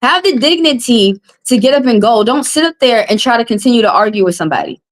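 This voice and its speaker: Her voice on the high side and her delivery fast and very animated, a tarot reader from the American South hosts a live stream where she angrily confronts her chat. She repeats herself as the heated rant goes on.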